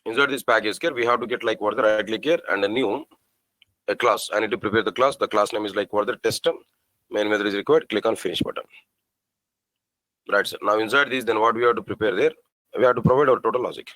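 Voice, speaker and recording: A man teaching a programming class, asking his students rhetorical questions and spelling out code slowly. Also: fairly low pitch, a bit bright, dry recording, poor audio. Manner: asks the class rhetorical questions, repeats phrases. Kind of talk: live coding lecture.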